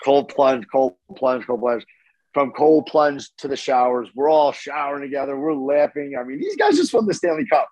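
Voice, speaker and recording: A man telling a story casually as a podcast guest, animated, with his voice jumping up when he gets excited and swearing freely. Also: mid-range voice, normal speed, no room sound, rough recording.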